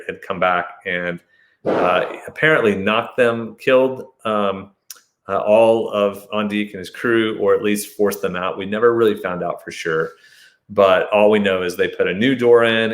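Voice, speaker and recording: Low-voiced man telling a tense story. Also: moderate pace, echoey room. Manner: animated retelling, voice jumps high when acting out shouted lines. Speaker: host telling a personal story. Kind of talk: storytelling monologue.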